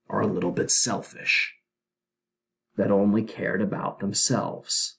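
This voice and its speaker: A man's voice: fairly low pitch, steady tone, unhurried, gravelly, a bit bright. A male teacher giving a literature lecture, reading old verse aloud with dramatic emphasis and then explaining it in casual words.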